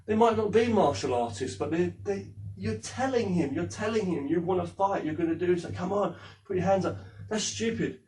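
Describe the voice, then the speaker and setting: Teaching martial arts in a loose, meandering way, a man shows moves as he talks and cusses without restraint. His voice sits high with a darkish tone, and he speaks expressively and fairly quickly with few pauses, recorded from a distance.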